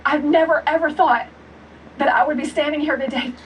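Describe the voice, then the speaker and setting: A woman's voice: high-pitched, steady tone, brisk, lo-fi sound, slight background noise. A woman pleading tearfully as a guest in a televised news interview. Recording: distant television broadcast audio.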